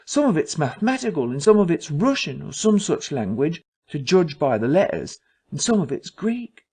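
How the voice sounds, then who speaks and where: A man's voice: on the high side, big pitch swings, moderate pace, a little mellow, breathy edge, voice pushed up, full character voice. A man doing a fussy, nervous village doctor. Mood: puzzled.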